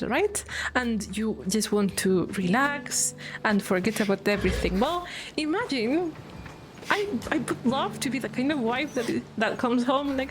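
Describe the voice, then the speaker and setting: A woman from Spain with a Spanish accent, chatting casually on her stream, giggling often and swearing freely. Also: on the high side.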